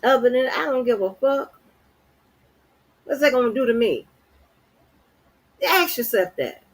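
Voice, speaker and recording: Woman, husky and lively, profane confrontational stream rant. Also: a little high, a little slow, poor audio. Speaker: livestream host. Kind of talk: angry unscripted rant.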